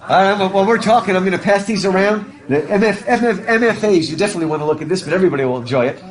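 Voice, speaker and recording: Chatty male teacher, slightly high voice. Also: very fast, low-quality recording. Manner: chatty, rambling, laughs easily. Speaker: literature teacher. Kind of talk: casual classroom talk. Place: classroom. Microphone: masked, recording his own class.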